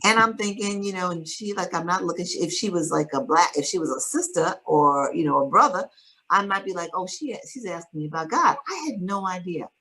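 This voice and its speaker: A woman's voice: fairly low pitch, lively intonation, fairly quick, sharp tone, rough recording. A middle-aged woman, an interview guest and author, earnestly recounting a personal faith story with quoted dialogue.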